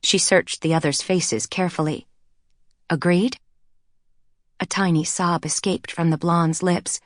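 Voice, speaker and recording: A woman narrating a novel with a lower voice in a measured, even way. The recording is close and very dry. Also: no room sound. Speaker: audiobook narrator. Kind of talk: scripted narration.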